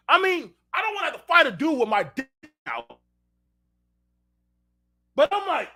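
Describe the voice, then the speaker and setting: A man's voice: very high voice, very animated, normal speed, long pauses, pushed and bright. A man hosting an unfiltered talk show, telling heated, profanity-laced stories and speaking directly to his listeners. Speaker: show host. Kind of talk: unfiltered casual rant.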